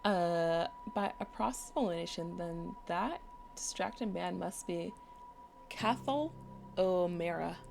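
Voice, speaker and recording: A woman playing a story game, reading its dialogue aloud and adding quick comments of her own. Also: lowish voice, vocal fry, darkish tone, faint music behind. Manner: reads dialogue aloud between quick asides. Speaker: game streamer.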